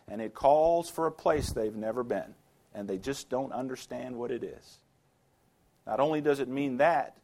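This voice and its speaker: A man preaching a sermon to students, telling stories and rising to emphatic exclamations. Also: medium pitch.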